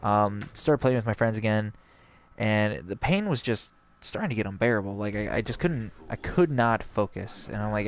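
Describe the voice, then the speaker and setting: A man's voice: lowish voice, animated, normal speed. A young man, a streamer, telling a long personal story in a casual, rambling way and acting out the dialogue. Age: young adult.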